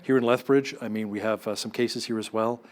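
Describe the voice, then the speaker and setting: A man's voice: on the low side, fairly even intonation, brisk. A man anchoring a TV news segment in a studio, introducing his guest and asking conversational questions. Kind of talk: TV news interview.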